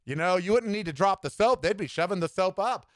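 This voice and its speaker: A man's voice: animated, fairly quick, dry recording. A man hosting his own podcast, giving a sassy, opinionated monologue with campy asides and dramatic swings in delivery. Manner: dramatic swings in pitch and tempo. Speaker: podcast host.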